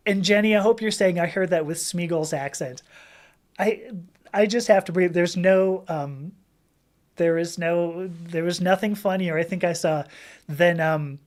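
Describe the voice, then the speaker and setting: A woman's voice: on the low side, a little slow, a little mellow. A woman hosting a casual livestream, answering viewer questions in a rambling, chatty way and often breaking into laughter. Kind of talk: casual chat.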